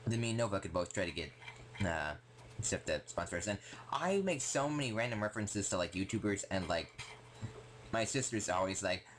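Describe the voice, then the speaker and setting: A young man rambling casually in a vlog, excitable and full of fillers. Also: sits low, brisk, slight background noise. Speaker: gaming vlogger.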